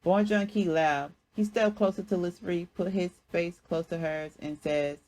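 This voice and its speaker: A woman artist reading a chapter of her own story aloud in a plain, even way, with small restarts. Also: fairly low pitch, a little slow, few pauses, rough recording.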